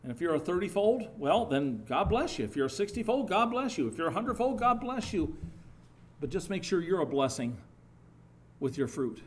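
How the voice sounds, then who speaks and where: A middle-aged man, pitched on the high side, preaches as pastor in an earnest, spirited way. He swells into emphatic bursts, though he stumbles and begins again at times.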